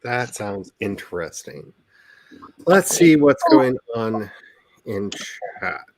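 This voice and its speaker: A man's voice: lowish voice, big pitch swings, slow. A man hosting a casual livestream chat, talking in a rambling, self-deprecating way over a video call. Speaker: livestream host.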